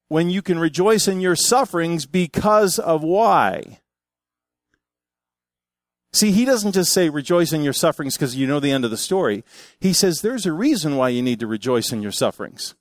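An older man preaching a sermon, telling stories in an animated, folksy way and reading scripture aloud. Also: a little high, normal speed, dry recording, studio quality. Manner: animated storytelling with folksy asides. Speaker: pastor.

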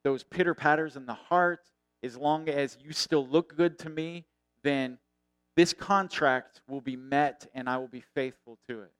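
A middle-aged man preaching a sermon earnestly, raising his voice and then dropping to a hush. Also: fairly high pitch, measured pace, clean tone, dry recording, soft background music. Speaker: pastor.

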